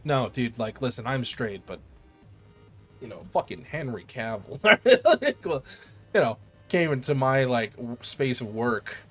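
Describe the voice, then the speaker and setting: A male game streamer with a mid-range voice talks casually while he plays. He rambles excitedly from thought to thought, swearing freely, with faint game music behind him. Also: medium pitch, a little slow. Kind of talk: casual chat while gaming.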